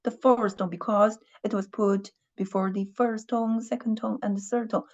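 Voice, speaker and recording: A woman's voice: medium pitch, steady tone, moderate pace, darkish tone, highs cut off. A woman teaching a Chinese class online, patiently repeating her questions and humming while she thinks.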